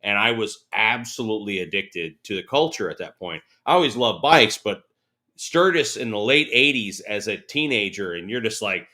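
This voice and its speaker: A man's voice: on the low side, moderate pace. A man in his forties, a guest on an interview show, telling stories casually and acting out what others said. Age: 40s. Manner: animated storyteller, laughing, acts out quotes.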